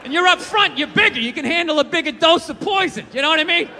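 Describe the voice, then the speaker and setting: A man's voice: very high-pitched, quick pace, pushed and bright. A man in his forties performing a live stand-up set, ranting in a profane, incredulous way. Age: 40s. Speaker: stand-up comedian. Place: large theater stage. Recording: live theater, long reverb, crowd and noise.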